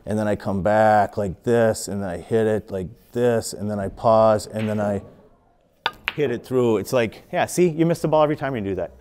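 A man in his fifties talks through a pool lesson in a relaxed, earnest voice that sits a little low. He circles back over his points and repeats short phrases while he shows a stroke, with a faint hum of noise in the background. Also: moderate pace. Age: 50s. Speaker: pool instructor. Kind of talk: casual instructional talk. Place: billiard club.

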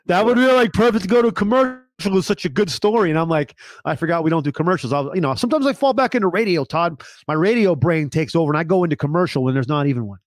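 A man co-hosting a podcast, a former radio host, chatting in quick, jokey banter. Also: a little high, expressive, no echo. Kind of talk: casual chat.

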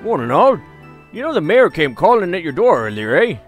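A man's voice: sits high, very animated, brisk, soft background music, pitched above the performer's own voice. A man doing a folksy small-town villager. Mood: friendly. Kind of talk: reading game dialogue aloud in voices.

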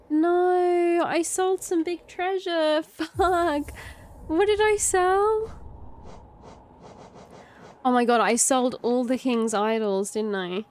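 Her voice very high-pitched yet darkish in tone, a young woman streams a video game and speaks slowly. She reacts expressively, swearing and laughing often in casual let's-play commentary, with game music in the background.

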